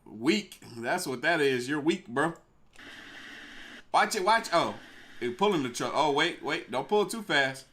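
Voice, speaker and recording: Man, live reaction streamer, casual commentary, animated, talks to chat, slightly higher voice. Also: measured pace, background noise.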